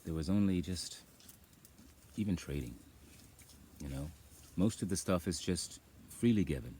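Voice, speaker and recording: A man's voice: low voice, expressive, unhurried, warm tone, slight background noise. A man vlogging outdoors on a rural farm, rambling in casual talk and laughing as he acts out voices.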